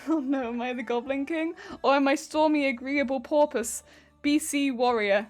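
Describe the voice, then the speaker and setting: A woman's voice: high voice, moderate pace, darkish tone, faint music behind. A woman streaming from home, chatting casually with viewers while crafting; she giggles often and answers chat playfully. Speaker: livestreamer.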